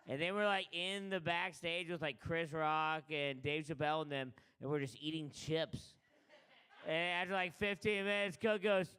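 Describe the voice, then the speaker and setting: Standup guy, kinda high voice, excitable rambly storytelling. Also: normal speed, clear, resonant tone. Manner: rambling, excitable, lots of "like" and "dude". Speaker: stand-up comedian.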